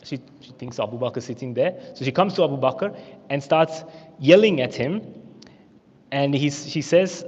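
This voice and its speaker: An Australian man teaching a religious history class in a mosque, telling the story with animated, acted-out quotes. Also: a little high, normal speed. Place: mosque hall. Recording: echoey hall, muffled lo-fi sound.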